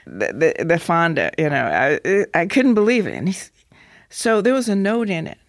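A woman in her seventies, an actress being interviewed, telling stories in an animated way with halting restarts. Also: fairly low pitch, dry recording, studio quality. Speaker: actress guest. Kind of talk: interview storytelling.

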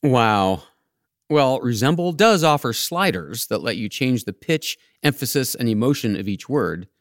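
Wry male podcast host, animated pitch. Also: unhurried, no room sound, clean studio sound. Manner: wry, playful. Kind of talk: scripted podcast narration.

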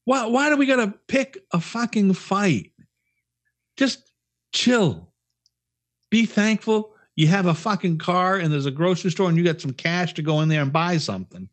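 A man's voice: high-pitched, expressive, normal speed. A man co-hosting a podcast, telling stories in casual chat, swearing often and restarting his sentences. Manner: profane, rambling storyteller with restarts. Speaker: podcast co-host.

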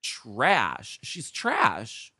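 A man co-hosting a podcast in casual chat, talking in an animated, indignant way and laughing often. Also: lowish voice, extremely slow, husky, dry recording, clean studio sound. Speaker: podcast co-host.

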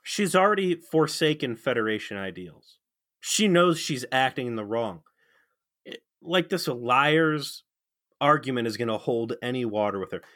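A man co-hosting a casual podcast rants in an incredulous, profane way. His mid-range voice is a bit bright, with lively intonation and normal speed, captured in a dry, studio-quality recording.

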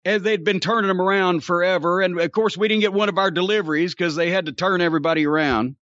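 A podcast host tells a long, profane storytelling rant, animatedly reenacting his own shouting as he goes. His very high voice sounds sharp and forceful at a quick pace. The dull, lo-fi recording is dry and close, with no room sound.

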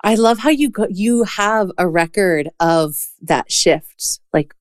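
A woman's voice: medium pitch, slow pace, no echo, clean studio sound. A woman hosting an interview, who responds with open emotion and praise for her guest. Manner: warm, emotionally moved responses. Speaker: podcast host. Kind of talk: interview conversation.

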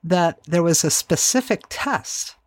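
A woman's voice: lowish voice, expressive, takes it slowly, no echo. A middle-aged woman hosting a podcast, candidly recounting a personal story in a conversational way with wry asides. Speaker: podcast host.

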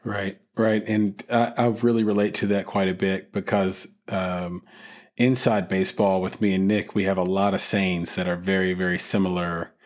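A man's voice: low voice, little pitch movement, normal speed. A man hosting a podcast, asking questions in a loose, conversational way with fillers and restarts. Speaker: podcast host. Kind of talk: casual interview chat.

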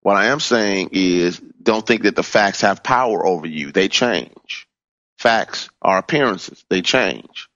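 A man teaching in a sermon style, stressing key words by swooping up in pitch and repeating phrases. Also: lively intonation, unhurried, a bit bright, no echo, dull audio. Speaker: minister teaching from a book.

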